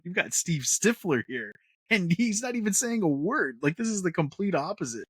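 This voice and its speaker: A man hosting a podcast in casual chat, animated, laughing often and acting out quotes. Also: high voice, moderate pace, breathy edge, no room sound, clean studio sound. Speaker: podcast host.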